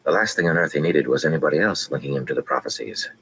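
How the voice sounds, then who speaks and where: A man narrating a fantasy audiobook with steady, measured reading. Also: very deep voice, slight background noise, low-quality recording.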